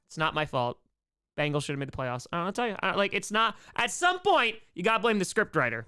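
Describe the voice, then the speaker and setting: A man hosting a casual livestream Q&A, excitable and playful, shouting out donors' names and making little sound effects to thank them. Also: high-pitched, moderate pace, clean tone. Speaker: livestream host.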